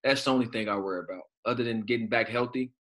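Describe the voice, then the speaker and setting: A man's voice: medium pitch, rapid-fire. A man in his thirties from Chicago, a guest telling stories in a casual, slangy, profane way over a video call. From Chicago, United States. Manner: animated storyteller, slangy and profane. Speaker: guest, professional basketball player.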